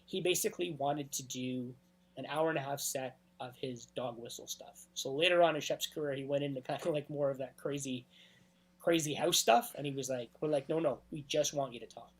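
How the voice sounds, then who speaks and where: A man as a DJ guest in a casual interview, telling anecdotes at length and often clearing his throat. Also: medium pitch, brisk.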